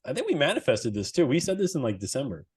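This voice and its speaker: A young man co-hosting a sports podcast, excitable and swearing, laughing often as he talks. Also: medium pitch, fast, husky. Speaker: podcast co-host.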